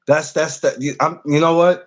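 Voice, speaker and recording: A man's voice: a little high, steady tone, normal speed, fairly bright tone. A man hosting a podcast in casual morning chat, playful and teasing, repeating his phrases. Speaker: podcast host.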